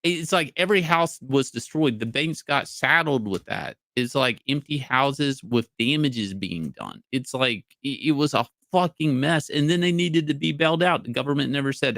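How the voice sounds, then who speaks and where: A man's voice: mid-range voice, moderate pace, gravelly, hardly any pauses, a bit bright, no room sound, studio quality. A man from North Carolina with a mixed Southern accent, rambling and swearing in casual chat. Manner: profane, rambling, jokey.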